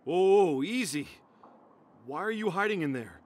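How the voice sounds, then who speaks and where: Woman doing a calm placating man. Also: on the low side, a little slow. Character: calm man offering help to wary strangers.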